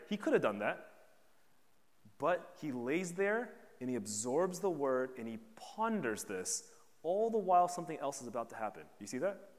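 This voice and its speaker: A man's voice: on the high side, sing-song, normal speed. Guy preaching a sermon, chatty, keeps saying "right?", acts out bits of the story, echo trailing off in a big hall. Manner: conversational, often asks "right?", acts out voices in the story.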